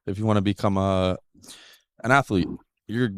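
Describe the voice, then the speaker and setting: Low-voiced man, blunt podcast talker, dry sound. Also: steady tone, moderate pace, a bit bright, smooth, no room sound. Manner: blunt and emphatic, swears casually. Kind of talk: casual chat.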